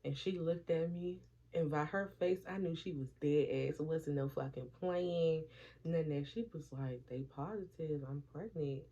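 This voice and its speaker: A woman's voice: low voice, moderate pace. A woman vlogger in a casual storytelling chat, swearing freely and acting out what her friends said, while doing her hair at home. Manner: profane, animated, acts out quoted friends. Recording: dull lo-fi audio.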